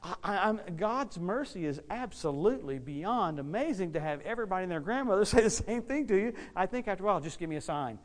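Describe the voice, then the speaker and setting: A man preaching a sermon, telling stories in a folksy, animated way, often repeating words as he gets excited. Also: sits high, fast talker, few pauses. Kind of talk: storytelling sermon.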